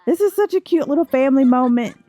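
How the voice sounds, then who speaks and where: A woman's voice: sits high, expressive, fast, dark tone, soft background music. Playful young woman narrating a game. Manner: chatty, playful, laughs often. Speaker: let's play host. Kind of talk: casual gameplay commentary.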